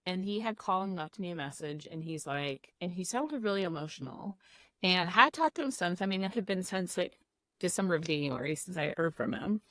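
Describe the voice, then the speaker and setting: A woman's voice: on the low side, animated, fairly quick, fairly bright tone, no room sound. A young woman from the American Midwest, a former cooking show contestant, chatting earnestly in an interview and saying "like" a lot. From Midwest of the United States. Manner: chatty, heavy use of "like", earnest. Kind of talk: casual interview chat.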